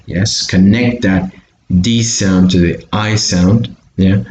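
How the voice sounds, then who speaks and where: A man's voice: lowish voice, lively intonation, slow, darkish tone, muffled recording. A man with a Bolivian Spanish accent, giving an online English lesson and patiently repeating example sentences for pronunciation. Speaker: English teacher. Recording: echoey room, faint background hiss.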